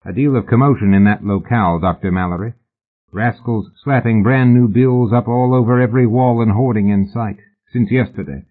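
A man voicing an easygoing working-class bill-sticker boss who talks in a cheerful, folksy, unhurried way, in a storybook reading. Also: medium pitch, natural voice. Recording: tinny phone-like audio.

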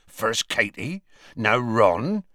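Guy doing a big gruff hoarse gamekeeper, worried, lively up-and-down voice, dry sound. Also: on the low side, drawn-out words, dry recording, full character voice. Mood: distressed. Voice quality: hoarse, growling. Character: huge gruff male half-giant gamekeeper, anxious.

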